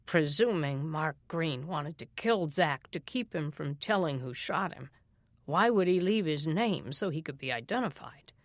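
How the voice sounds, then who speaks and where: A woman voicing a calm male sheriff who speaks low and evenly. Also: measured pace, no room sound. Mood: measured. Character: calm, measured middle-aged male sheriff.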